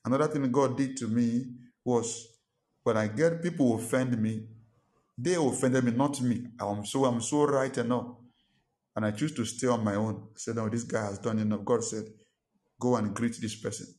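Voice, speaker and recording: A man preaching from the pulpit with an emphatic, repeating delivery. His voice sits at an ordinary middle pitch as he tells a personal story and presses his lesson on the congregation. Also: moderate pace, a little mellow. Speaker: pastor. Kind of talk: sermon.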